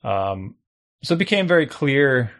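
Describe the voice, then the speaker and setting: Man, gravelly voice, animated storyteller, chuckles as he goes. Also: mid-range voice, a little slow. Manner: animated, acts out his own thoughts, chuckles often. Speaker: storyteller guest. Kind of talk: casual anecdote telling.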